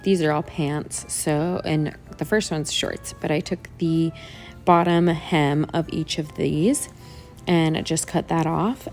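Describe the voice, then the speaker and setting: Low, gravelly woman explaining crafts. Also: mellow. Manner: easygoing, step-by-step explaining. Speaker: craft tutorial creator. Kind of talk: relaxed craft tutorial voice-over.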